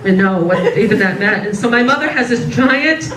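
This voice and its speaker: A middle-aged woman doing a stand-up routine on stage, telling stories in a profane, animated way and laughing through her lines. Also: a little high, brisk, noisy background. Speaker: stand-up comedian. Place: comedy stage before a live audience. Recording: roomy, distant mic with loud crowd.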